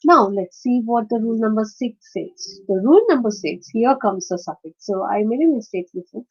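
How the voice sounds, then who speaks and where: Female teacher, hesitant lecture delivery, full of fillers and corrections, drawn-out example words, slightly dull lo-fi recording. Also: on the high side, lively intonation, husky. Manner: spells out and slowly stresses example words. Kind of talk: phonetics lecture.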